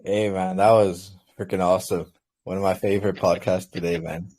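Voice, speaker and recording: A man's voice: low-pitched, little pitch movement, moderate pace, darkish tone. A man co-hosting a podcast in casual chat, easygoing and rambling, repeating himself.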